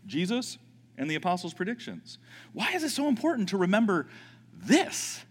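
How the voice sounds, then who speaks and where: A man preaching a sermon, animated, often repeating words and acting out panicked voices. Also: sits high, normal speed, husky, big-room sound. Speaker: pastor.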